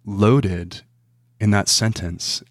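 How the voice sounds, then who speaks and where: A male journalist talks through an interview in a very deep voice. He thinks aloud and restarts phrases as he searches for words. The sound is dry and close. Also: steady tone, extremely slow, no room sound. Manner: thoughtful, repeats words while searching for them. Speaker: journalist guest. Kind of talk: interview conversation.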